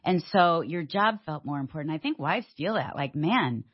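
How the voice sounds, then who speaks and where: A woman co-hosting a radio talk show, telling stories in a lively, laughing way. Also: deep voice, normal speed. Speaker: radio co-host. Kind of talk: casual storytelling chat. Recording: dull lo-fi sound.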